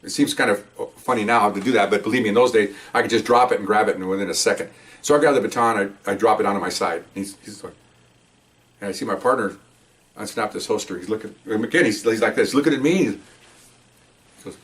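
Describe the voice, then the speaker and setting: A man's voice: on the low side, fast talker, far from the mic. An older man, a retired police officer, animatedly telling a personal story and acting out the scene. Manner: animated, acts out the scene with gestures.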